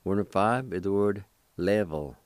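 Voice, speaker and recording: A middle-aged man hosting a radio language lesson, patiently spelling out letters one by one and repeating each word slowly. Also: low-pitched, no room sound. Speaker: radio host teaching the language.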